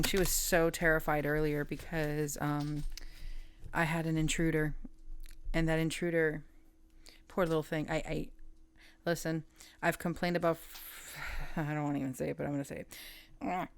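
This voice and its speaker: Low-voiced chatty woman reading tarot. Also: level tone, moderate pace, long pauses, smooth, no room sound. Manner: chatty, laughs often, trails off and restarts; coos softly at her pet. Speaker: tarot reader. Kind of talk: casual chat while reading tarot.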